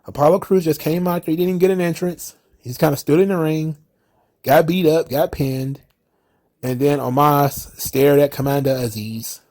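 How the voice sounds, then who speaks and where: A man hosting a casual solo wrestling commentary, talking in an animated way and mocking wrestlers with quick impressions. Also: a little high.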